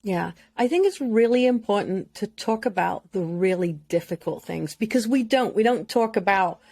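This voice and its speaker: Appearing as a guest on a podcast, a female mental health expert with an animated, mellow, medium-pitched voice speaks at a moderate pace. Her talk is candid, earnest and emotional, pouring out in long flowing runs, and the recording is dry.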